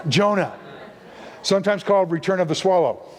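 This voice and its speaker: Guest preacher, man, high-pitched, jokey and punning, echoing church hall. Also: lively intonation, normal speed, slight background noise. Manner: playful, punning, acts out voices. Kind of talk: sermon teaching. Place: church sanctuary with live audience. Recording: long reverb of a church hall.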